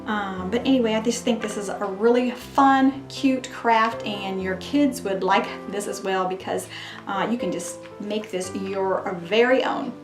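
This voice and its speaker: A woman's voice: mid-range voice, unhurried. A woman hosting a crafts tutorial, talking in a chatty, gushing way as she demonstrates. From Mississippi, US. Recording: roomy echo with background music.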